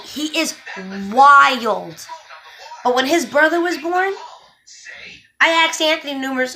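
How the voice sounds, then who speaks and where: A young woman vlogger telling a story in a casual, animated way, acting out what others said in her own voice. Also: on the high side, rough recording. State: pregnant. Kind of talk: casual story-time chat to camera. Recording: faint music behind.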